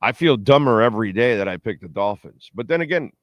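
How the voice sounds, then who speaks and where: A man's voice: medium pitch, animated, fast talker, no echo. A man hosts a casual pregame sports show with a mid-range voice, talking in loose, opinionated, rambling fan banter. He chats straight to his listeners and reads their messages aloud. The sound is dry and close, with no room around it. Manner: reads the chat board and talks to listeners. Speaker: sports radio show host.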